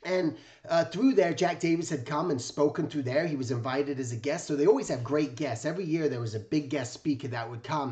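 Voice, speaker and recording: A man's voice: medium pitch, a little mellow. A man who hosts an art channel, telling a personal story in a casual, enthusiastic and rambling way. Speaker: illustration teacher and host.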